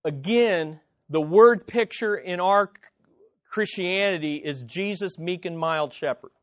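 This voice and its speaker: Pastor preaching hard, throws questions at the crowd, asks for amens, goes big then drops real quiet. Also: mid-range voice, slow. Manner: dramatic preaching with rhetorical questions and calls for amen; swings between loud emphasis and soft hushed lines. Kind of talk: sermon.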